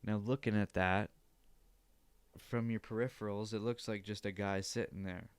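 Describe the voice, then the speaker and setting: A man's voice: fairly low pitch, steady tone, moderate pace, clean tone, no echo. A young man hosting a podcast in casual chat, rambling, laughing often and swearing freely. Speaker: podcast host.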